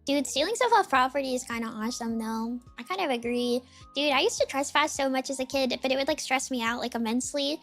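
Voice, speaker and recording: A young woman chatting on a live stream in a very high, chirpy voice. She rambles casually, full of "like" and "dude", with faint music playing underneath. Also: quick pace, a bit bright. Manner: chirpy, greets viewers one by one in a sing-song lilt.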